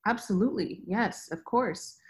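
A woman guest speaking as a mental health expert, explaining in a calm, reassuring way. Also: mid-range voice, moderate pace. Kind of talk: explanatory interview answers.

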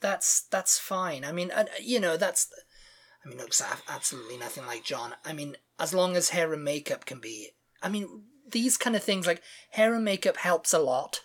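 Low-voiced woman, podcast cohost, rambly, keeps restarting. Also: animated, moderate pace. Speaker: podcast co-host. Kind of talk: casual chat.

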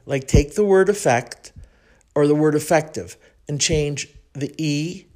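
A woman from Chicago with a Chicago accent, hosting a podcast and telling a personal story in a chatty, reflective way, thinking aloud with frequent pauses. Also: sits low, warm tone. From Chicago, United States. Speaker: podcast host.

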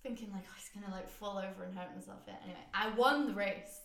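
A woman telling a story in casual chat, teasing and lively. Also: mid-range voice, fast, vocal fry, reverberant. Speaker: guest.

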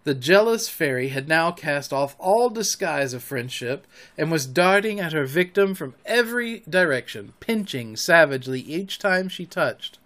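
A man hosting a podcast, reading a children's story aloud with expressive narration. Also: a little high, normal speed.

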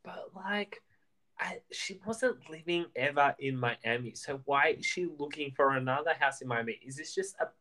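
A man's voice: a little high, moderate pace, pushed and bright. A man co-hosting a podcast, chatting casually about a reality show, laughing often and using fillers. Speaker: podcast co-host. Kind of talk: casual reality TV recap chat.

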